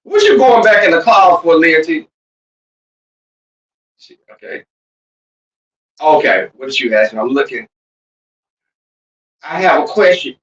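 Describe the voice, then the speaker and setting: A livestream host in casual chat with the viewers, loud, profane and teasing, who shouts now and then and drawls some words while rushing others. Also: medium pitch, sing-song. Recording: roomy, distant, dull lo-fi sound.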